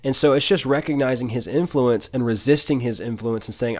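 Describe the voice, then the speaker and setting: A man with a brisk, medium-pitched voice teaches from the Bible as a podcast preacher. He's earnest and conversational, often restarting sentences and repeating words.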